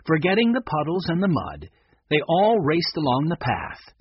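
Husky-voiced man reading a children's story. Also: a little high, normal speed, no echo, lo-fi sound. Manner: lively expressive reading. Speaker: narrator.

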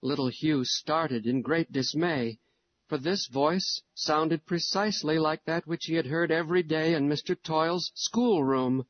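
Man reading a storybook, higher voice. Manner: measured, storytelling. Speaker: narrator. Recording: dull lo-fi recording.

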